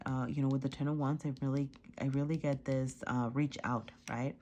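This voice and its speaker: A woman's voice: extremely low pitch, flat delivery, brisk, few pauses, mellow, a little hiss or hum. A woman reading tarot cards at home in a casual, rambling way, full of fillers and "right?", often laughing and apologizing. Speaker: tarot reader. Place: at home with a cat.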